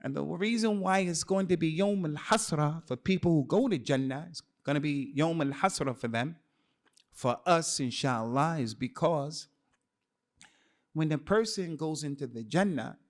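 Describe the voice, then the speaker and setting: A man's voice: on the high side, lively intonation, moderate pace. A man giving an Islamic lecture to a congregation in a mosque hall, speaking emphatically, repeating phrases for stress and mixing in Arabic terms. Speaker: preacher. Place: mosque hall with men's and women's sides.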